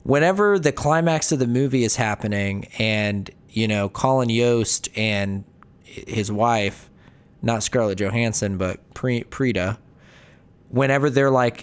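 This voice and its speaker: A man's voice: medium pitch, lively intonation, takes it slowly, smooth. A man co-hosting a casual film review podcast, joking and rambling with frequent restarts. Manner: joking, rambling, self-interrupting. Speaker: podcast co-host.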